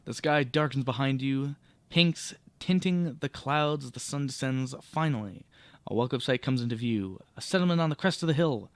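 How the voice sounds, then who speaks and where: A man's voice: medium pitch, normal speed, no room sound. A man playing a solo tabletop game, reading the adventure aloud and often stopping to correct his own slips. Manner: self-correcting, stumbles and rereads words.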